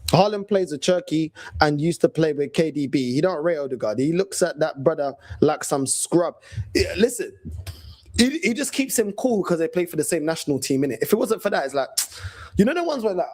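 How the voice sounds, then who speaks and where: A man with a London accent rants as a fan channel host, slangy and mocking. His voice sits high, and his pitch leaps around with animated energy. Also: a little fast. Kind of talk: casual rant.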